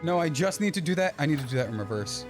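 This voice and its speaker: A man's voice: on the high side, animated, quick pace. A man streaming a platform game, talking to himself and pleading with the game as he gets frustrated. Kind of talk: live gameplay commentary. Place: home streaming setup. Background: game music.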